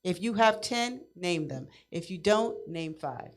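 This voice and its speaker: A woman's voice: lowish voice, animated, a little slow, vocal fry. A woman hosting a community radio show, chatting with a caller in an upbeat, affirming way. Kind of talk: casual call-in interview.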